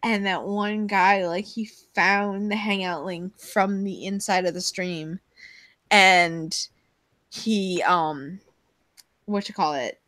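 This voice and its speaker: A woman's voice: medium pitch, steady tone, slow pace, a bit bright, no echo. A woman hosting a casual live stream chat, rambling and giggly as she jumps between topics, heard over a video call.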